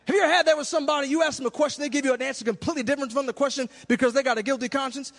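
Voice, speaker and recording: A male preacher delivering a sermon, swinging from shouted cries to hushed questions in a half-sung preaching cadence. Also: very high voice, fairly even intonation, racing. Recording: long hall reverb.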